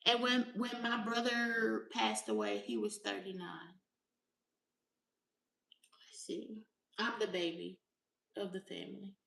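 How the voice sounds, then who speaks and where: Youthful Southern woman chatting, gravelly edge. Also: a little high, takes it slowly, pauses often, fairly bright tone, roomy sound, recorded from a distance. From Alabama. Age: 30s. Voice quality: youthful-sounding voice. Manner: chatty, rambling storytelling. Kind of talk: casual vlog chat.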